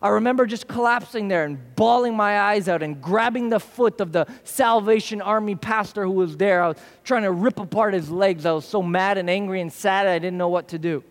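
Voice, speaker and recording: A man's voice: high voice, brisk, hardly any pauses. A man preaching a sermon, telling stories and acting out the voices of the people in them. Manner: storytelling, acts out quoted voices. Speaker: pastor. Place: church service hall. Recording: church hall reverb.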